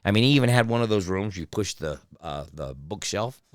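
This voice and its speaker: Male comedian guest, animated storyteller, dry studio mic, swears freely. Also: lowish voice, a little fast, no echo. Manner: storytelling, profane, lots of fillers. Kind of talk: casual podcast chat. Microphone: studio microphone.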